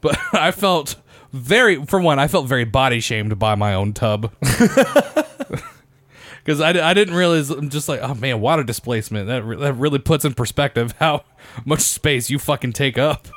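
A man's voice: medium pitch, animated, moderate pace, fairly bright tone, dry recording. A young man on a casual podcast, joking crudely and laughing as he tells stories. His voice is close to the mic and dry, with little room sound. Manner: swearing, laughing storyteller. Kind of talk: casual chat.

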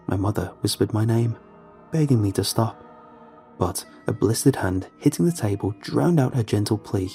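A man reads a first-person horror story with measured, ominous pacing. His voice sits low and mellow, with a dark warmth. Faint music plays quietly behind him. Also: lively intonation. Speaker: narrator. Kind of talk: scripted horror narration.

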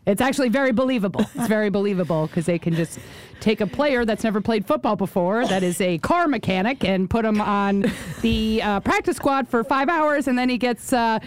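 A woman co-hosting a casual sports chat, animated and rambling, often laughing. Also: on the high side, fairly quick. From Rhode Island, US. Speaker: podcast co-host.

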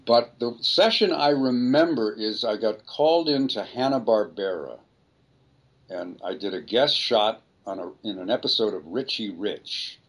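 A man's voice: fairly low pitch, expressive, a little slow. An older man, a voice actor, speaking as an interview guest and reflecting on his career in a rambling, self-deprecating way. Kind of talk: casual interview storytelling.

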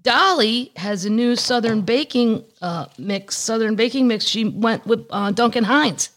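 A woman's voice: a little high, measured pace. A woman from Missouri hosting a casual podcast, chatting and joking while reading news stories aloud. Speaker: podcast host.

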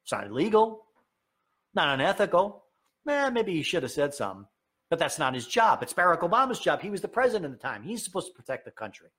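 Husky, heated man ranting about politics. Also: big pitch swings, fast, sharp tone. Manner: heated, sarcastic, swings into high emphatic outbursts. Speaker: political commentator. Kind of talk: opinionated political rant.

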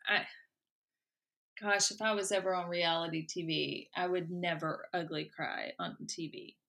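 A woman's voice: fairly low pitch, fairly even intonation, measured pace, creaky, fairly bright tone. A woman co-hosting a casual podcast, chatting wryly while recapping a show. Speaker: podcast co-host. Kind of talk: casual chat recapping reality TV.

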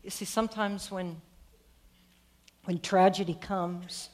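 A woman's voice: mid-range voice, slow pace. A woman preaching a sermon, retelling a story in a conversational way and putting questions to her listeners. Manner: animated, conversational, asks the audience questions.

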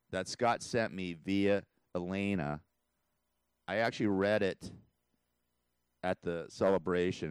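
A man's voice: deep voice, clear, resonant tone, no echo. A man hosting a talk radio show, rambling and emotional in a casual monologue, often laughing, from a studio mic.

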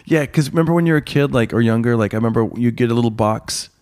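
A man hosting a casual chat, laid-back and quick to agree and laugh along. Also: medium pitch, darkish tone. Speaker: podcast host.

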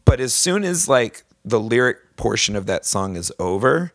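A man's voice: mid-range voice, big pitch swings, normal speed, no room sound, studio quality. A man guest on a podcast, telling a story in casual chat with lots of fillers and restarts. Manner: rambling storyteller, many fillers.

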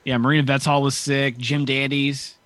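A man's voice: mid-range voice, little pitch movement, normal speed, fairly bright tone, no room sound. A man in a band chatting as a podcast guest, telling tour stories in a laid-back way and swearing freely. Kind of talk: casual chat.

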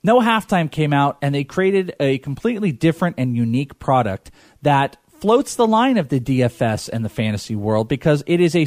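A man's voice: on the high side, darkish tone, no room sound, studio quality. Upbeat enthusiastic male podcast host. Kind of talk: casual podcast hosting with ad read.

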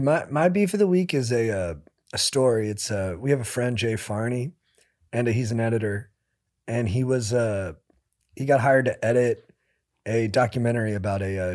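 A man hosting a podcast, telling stories in an animated, casual way and saying "dude" a lot. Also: medium pitch. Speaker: podcast host.

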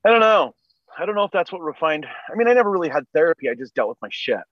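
A man's voice: on the high side, sing-song, very fast, dry recording, lo-fi sound. A man co-hosting a podcast, speaking casually with dry, wry remarks. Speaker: podcast co-host. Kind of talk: casual chat.

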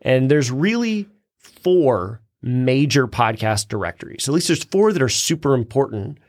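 A man's voice: mid-range voice, animated, unhurried, no room sound, clean studio sound. A man co-hosting a podcast, explaining things step by step in casual chat and laughing easily. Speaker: podcast co-host.

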